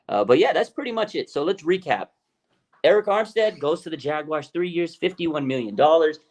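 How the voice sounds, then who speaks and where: A man's voice: on the high side, expressive, measured pace, pauses often, darkish tone. A man hosting a casual sports livestream, often laughing and mocking rumors while reading out chat comments. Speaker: sports show host. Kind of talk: casual live-stream commentary.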